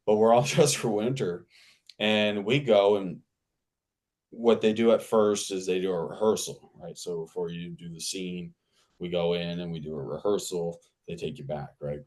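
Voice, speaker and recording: A man, an actor guest, telling a casual anecdote in an animated way, repeating himself and laughing as he talks. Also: fairly low pitch. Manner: animated, repetitive, laughing mid-sentence.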